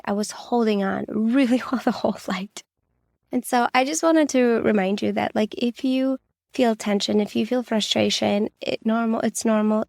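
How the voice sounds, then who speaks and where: A woman's voice: on the high side, creaky, a little mellow, dry recording, studio quality. A woman in her thirties hosting a podcast, telling personal stories in a candid, reassuring way, with a lot of "like" in her talk. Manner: candid, reassuring, with many "like" fillers. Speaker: podcast host.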